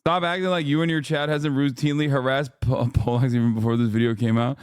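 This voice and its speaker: A man's voice: medium pitch, flat delivery, fast talker, smooth, dry recording, clean studio sound. A man streaming from home, chatting casually with his viewers in a brash, profane way and laughing often. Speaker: streamer reacting to a video. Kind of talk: casual live-stream chat.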